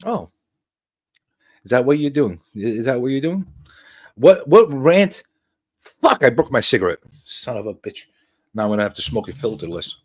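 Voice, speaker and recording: A man's voice: mid-range voice, expressive, fairly quick, husky. A man hosting a casual livestream talk show, joking with his panel, swearing freely and drawing out his points with emphatic asides.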